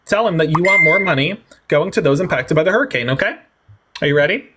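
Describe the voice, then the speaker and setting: A man hosting a livestream political debate, talking fast, mocking and sarcastic, with theatrical swings in tone. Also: on the high side, animated, very noisy.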